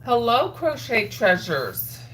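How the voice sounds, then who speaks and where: This woman's voice is fairly high and sing-song, taking things slowly with a bit of brightness and a faint hiss or hum. Stuffed up and from Atlantic Canada, she hosts a chatty, rambling crochet livestream full of ums and trailing sos.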